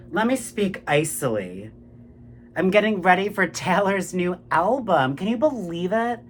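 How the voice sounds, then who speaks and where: A man's voice: high voice, a little slow, faint music behind. A man delivering a ranting political monologue. He swears a lot and keeps turning to the listener with "my friends, right?". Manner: animated, profane, keeps saying "my friends, right?".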